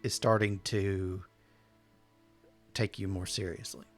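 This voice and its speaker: A man's voice: deep voice, level tone, slow, faint music behind. A man running a tabletop game, recapping with dry, short prompts to the players. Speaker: game master.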